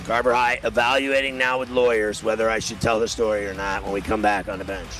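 A man's voice: fairly low pitch, little pitch movement, fast, music in the background. A man hosting a sports radio show, telling a rambling story in casual banter and laughing often. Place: radio studio.

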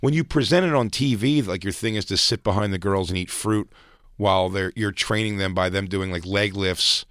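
A man co-hosting a comedy podcast, riffing loosely and swearing, slipping into quoted voices. His voice sits on the low side. The studio sound is dry and close. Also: moderate pace, fairly bright tone, dry recording. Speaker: podcast co-host. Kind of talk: casual comedic banter.

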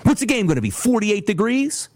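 A man hosting a solo sports talk show, ranting in an animated way and slipping into mocking voices. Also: high-pitched, a little fast, dry recording. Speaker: sports podcast host.

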